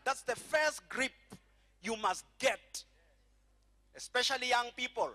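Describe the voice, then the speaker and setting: Emphatic preacher, high bright voice. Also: male voice, lively intonation. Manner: emphatic preaching, slows and stretches key phrases, has congregation repeat after him. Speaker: pastor. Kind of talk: sermon.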